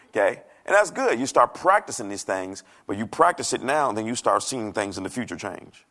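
Gravelly pastor, lively and joking. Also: male voice, on the low side, fast talker. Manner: conversational, joking, acts out quoted voices. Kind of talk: sermon. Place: church stage.

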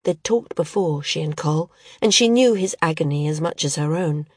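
Low-voiced woman narrating an audiobook. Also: animated, moderate pace, a little mellow, slightly rough, no echo, clean studio sound. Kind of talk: scripted narration.

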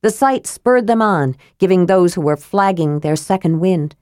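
Woman narrator, lower voice, dry close recording, measured fantasy audiobook read. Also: lively intonation, darkish tone, dry recording.

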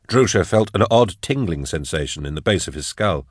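A male narrator with a deep voice performs scripted audiobook narration. His storytelling is steady and measured, captured in a dry, studio-quality recording.

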